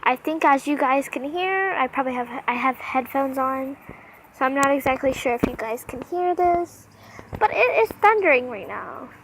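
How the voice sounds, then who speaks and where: A woman's voice: high-pitched, animated, moderate pace, fairly bright tone, a little hiss or hum, poor audio. A woman vlogging outdoors, chatty and talking straight to her viewers while she films on a handheld phone. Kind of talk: casual vlog narration to viewers. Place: outdoors under a stormy sky.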